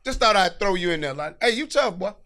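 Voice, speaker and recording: A man co-hosting a podcast, telling stories in a lively, excitable casual chat. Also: sits high, fairly quick. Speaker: podcast co-host.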